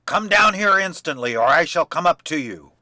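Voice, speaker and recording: A man's voice: on the low side, lively intonation, slow, sharp tone, dry recording, studio quality, pitched below the performer's own voice, heavily acted. Bluebeard, a man voicing a cold cruel nobleman. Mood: bellowing. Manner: cold, commanding threats. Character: cruel menacing nobleman, wife-killer.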